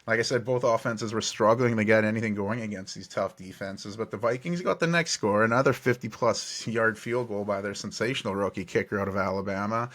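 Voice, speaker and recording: Guy recapping football on his podcast, kinda low voice, upbeat, fixes his own slips a lot. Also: brisk, few pauses, fairly bright tone. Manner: upbeat play-by-play recap with self-corrections. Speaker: sports podcast host. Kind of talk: game recap narration.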